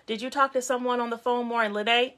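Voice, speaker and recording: A young adult woman hosts a faith talk show with a bright, ringing voice set a little high. She teaches in a relaxed, chatty way and turns to greet her viewers by name as she goes. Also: moderate pace. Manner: animated, talks straight to viewers and greets them by name.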